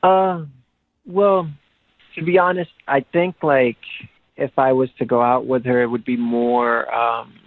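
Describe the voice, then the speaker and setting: Young man on the phone, halting, a bit gravelly, tinny line. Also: medium pitch, fairly even intonation, dry recording. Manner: hesitant, halting. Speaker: caller on the phone.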